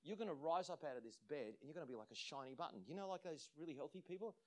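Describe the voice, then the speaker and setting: Animated male pastor preaching. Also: fairly high pitch, racing. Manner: animated storytelling, acts out quotes, laughs often. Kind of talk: sermon with personal story.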